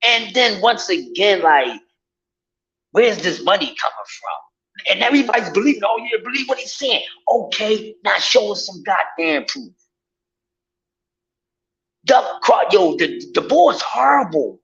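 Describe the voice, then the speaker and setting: A man rants casually to his viewers. His voice sits a little high, and he speaks in an animated, profane, mocking way. The recording sounds dull and lo-fi. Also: a little slow, long pauses. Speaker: vlogger. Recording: dull lo-fi audio.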